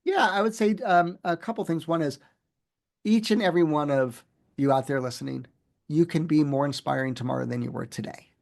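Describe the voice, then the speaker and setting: A man, a professor and author, answering interview questions in an animated, storytelling way with many fillers and restarts. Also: fairly high pitch, fairly quick, creaky.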